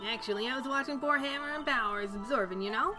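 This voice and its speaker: A nosy, chatty old woman working as a security guard drawls her words and calls everyone dearie, as a woman streamer puts her on. Her voice sits a little high. Game music plays loudly under her. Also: fast, natural voice. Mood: gossipy. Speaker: streamer reading game dialogue.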